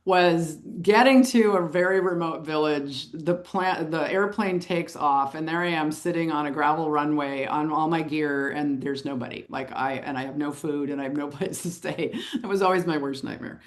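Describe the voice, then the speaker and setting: A woman with a fairly low voice who tells her story in a lively, animated way. She is middle-aged and speaks as an interview guest, chuckling now and then as she talks. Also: moderate pace, few pauses. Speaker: photographer and author, interview guest.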